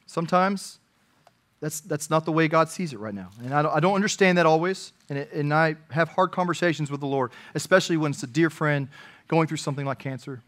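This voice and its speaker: A man preaching a sermon as pastor, earnest, swinging from emphatic peaks to quiet, personal asides. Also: fairly high pitch, brisk.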